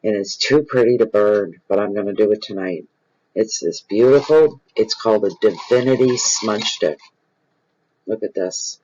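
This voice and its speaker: A man rambles expressively to his viewers as a tarot channel host, circling back on his own phrases. His voice sits on the low side with a husky, breathy edge. The recording sounds dull and lo-fi. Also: normal speed, mellow. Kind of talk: casual improvised spiritual talk to viewers.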